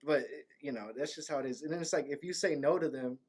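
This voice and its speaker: A young man co-hosting a college radio show, relaxed and supportive in casual chat. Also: on the high side, fast talker, breathy edge. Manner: relaxed, supportive listener, easygoing. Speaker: co-host.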